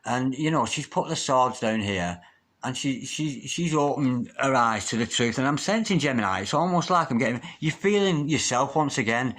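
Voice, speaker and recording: Earnest, halting male tarot reader. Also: mid-range voice, animated, a bit bright. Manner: earnest, halting, repeats words often. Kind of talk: spoken tarot reading to camera.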